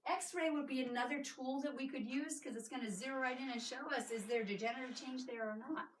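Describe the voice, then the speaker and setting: A high-voiced woman leads a live clinic workshop, upbeat and coaxing, always checking in with the audience. The sound is roomy and echoey. The mic sits some distance away, with faint noise underneath. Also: fairly quick. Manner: energetic, coaxing, keeps asking "right?". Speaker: chiropractor giving a patient workshop. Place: clinic room with a small audience.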